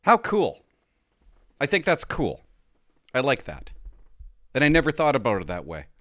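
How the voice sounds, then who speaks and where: A man's voice: mid-range voice, huge pitch swings, a little slow, a bit bright, dry recording, clean studio sound. A man hosting a podcast, talking in a rambling, self-deprecating casual monologue into a podcast microphone. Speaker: podcast host.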